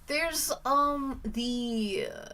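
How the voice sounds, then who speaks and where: A young woman chats casually on a live stream, rambling with lots of fillers and occasionally breaking into excited squeals. Her voice is fairly high and her pace very slow.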